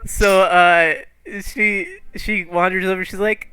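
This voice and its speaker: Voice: medium pitch, fairly even intonation, takes it slowly, hardly any pauses, sharp tone, clean tone, dry recording. A game master narrating a tabletop game in a loose, chatty way full of fillers.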